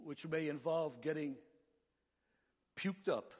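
A man preaching a sermon to his congregation in earnest tones, slowing down to stress his points. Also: fairly high pitch, a little mellow, husky, in a large hall. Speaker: pastor.

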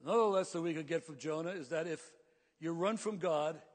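Husky-voiced male preacher in a hall. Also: on the high side. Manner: earnest preaching, slowing for emphasis. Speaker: pastor. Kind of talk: sermon.

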